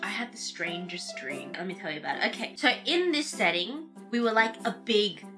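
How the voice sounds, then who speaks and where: A woman with an Australian accent in casual chat, animated and laughing often, mimicking other voices. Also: mid-range voice, fairly quick. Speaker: streamer. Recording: music behind the voices.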